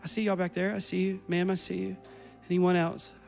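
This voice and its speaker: A man's voice: high voice, flat delivery, fairly quick, creaky, darkish tone, faint music behind. A man preaching a sermon in a church, building with repetition and urgency and leading a prayer. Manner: preaching with rising intensity and repetition. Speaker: pastor. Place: church sanctuary.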